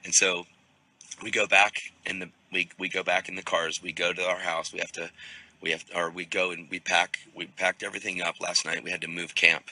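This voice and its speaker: A man's voice: low voice, sharp tone, poor audio. A man, a preacher, casually telling a rambling story, repeating words and restarting sentences, filmed on a phone. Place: outdoors at a crowded event. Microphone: phone video.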